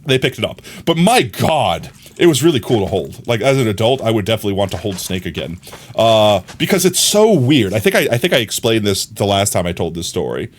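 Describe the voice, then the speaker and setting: Animated man rambling through a stream. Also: fairly low pitch, fairly quick, slight background noise. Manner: rambling, animated storytelling with frequent laughs. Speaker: livestreamer. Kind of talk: casual livestream chat while gaming.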